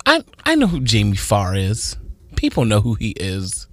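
A man co-hosting a casual radio chat show, playful and quick to laugh. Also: on the low side, wildly swooping pitch, dry recording. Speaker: radio co-host.

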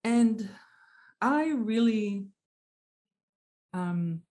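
A woman telling a personal story in conversation, earnest and reflective, pausing and restarting as she speaks. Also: a little high, expressive, dark tone.

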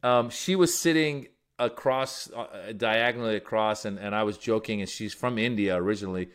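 Man, comedian guest, fairly low voice, rambling casual storytelling, full of fillers and restarts. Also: moderate pace, clear, resonant tone. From Iran, raised in the United States. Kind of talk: casual interview chat.

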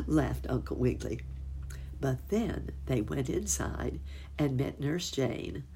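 Slow, gravelly woman reading a storybook. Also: very deep voice, a little hiss or hum. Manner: slow, expressive. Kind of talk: reading a children's story aloud.

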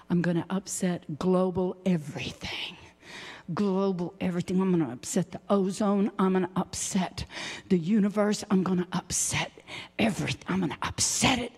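A woman preaching a sermon, swinging from high exclaiming to hushed whispers. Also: vocal fry, husky. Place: church sanctuary. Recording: long reverb of a church hall.

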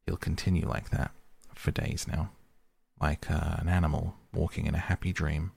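A man voicing a hot-tempered male water rat in a storybook reading, shouting indignantly and speaking firmly. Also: very deep voice, flat delivery, normal speed, gravelly, slightly rough, dry recording, heavily acted. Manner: indignant shouting, then firm and stern.

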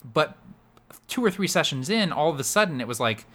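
A man in a casual podcast chat, animated and rambling, full of fillers. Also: a little high, fairly quick, a little hiss or hum. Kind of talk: casual chat about voicing game characters.

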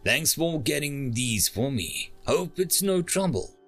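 A man's voice: a little high, sing-song, slow pace, fairly bright tone, faint music behind, pitched above the performer's own voice, heavily acted. Man putting on a breezy, cheerful woman. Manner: casual and upbeat.

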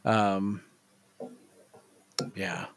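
A man co-hosting a podcast, chatting casually, excitable and swearing. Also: low voice, very slow, a little hiss or hum. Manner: excitable, swears, short reactions. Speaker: podcast co-host.

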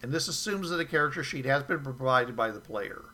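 A man in casual chat about tabletop games, rambling and halting with many restarts. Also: mid-range voice, lively intonation, sharp tone.

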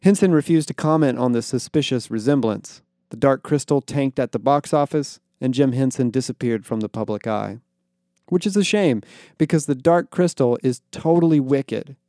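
A man tells this story in a dry, wry voice, close to the mic in a dead room. He moves through the narration evenly and breaks into quick character voices for the dialogue. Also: medium pitch, warm tone, no room sound. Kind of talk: audiobook-style fiction narration.

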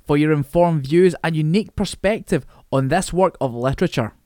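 A man's voice: a little high, fairly quick, mellow, dry recording, lightly acted. Man reading as a formal, sardonic schoolteacher, raised voice, dry close sound. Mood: mocking. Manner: crisp, sardonic, formal diction. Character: precise, pompous middle-aged male English teacher.

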